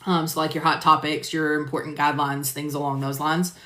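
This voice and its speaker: A woman with a low, flat, brisk voice and a sharp edge teaches medical coding on a live stream, chatting casually, using plenty of fillers, and answering viewers by name. Her phone or computer mic picks up a roomy echo.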